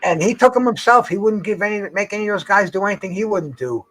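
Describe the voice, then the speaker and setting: A man's voice: high voice, fast talker, a bit bright. An older man in casual chat, rambling and profane, stumbling over restarts as he talks outdoors by a dock on the water. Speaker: host.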